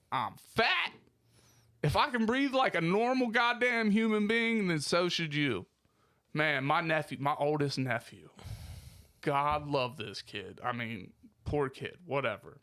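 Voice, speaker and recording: Slightly high-voiced man ranting profanely. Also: lively intonation, unhurried, bright, forceful tone, no room sound, studio quality. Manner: ranting, exaggerated complaints, heavy swearing. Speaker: podcast co-host. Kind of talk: casual profane podcast banter. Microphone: podcast microphone.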